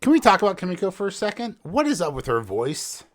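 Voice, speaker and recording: A man co-hosting a casual podcast chat about a TV show, animated and jokey, often trailing off low. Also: quick pace. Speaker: podcast co-host.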